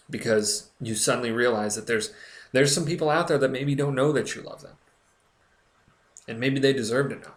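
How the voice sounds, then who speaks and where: A young man talking earnestly to camera in a personal vlog, stumbling and restarting often as he speaks with emotion. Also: medium pitch. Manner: earnest, halting, with frequent restarts. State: recovering, emotional. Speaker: blogger. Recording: echoey room.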